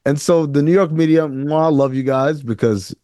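A man co-hosting a casual sports talk show, animated and sarcastic, often acting out quotes in mock voices. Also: a little high, moderate pace, no echo. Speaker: podcast co-host.

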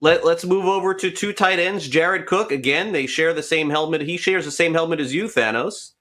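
A man's voice: a little high, normal speed, a bit bright. A man hosting a sports talk podcast, playfully quizzing his guest. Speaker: host.

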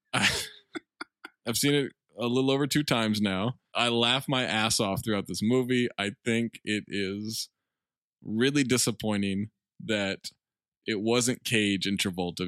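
A man's voice: on the low side, a bit bright, no room sound, studio quality. A man co-hosting a podcast, talking about a movie in casual chat, enthusiastic and profane, often laughing. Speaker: podcast co-host.

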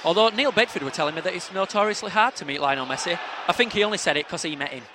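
A man co-hosting a football podcast, chatty and quick to tease. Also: sits high, expressive, noisy background. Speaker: podcast co-host. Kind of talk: casual football banter.

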